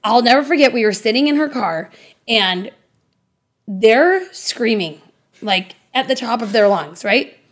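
Blunt, animated woman podcast co-host. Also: a little high, measured pace. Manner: emotional, blunt, swears often. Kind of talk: casual chat.

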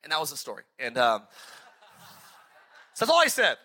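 A man preaching a sermon as a pastor, telling stories in an energetic, joking and self-deprecating way. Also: a little high, brisk, long pauses, faint music behind. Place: church.

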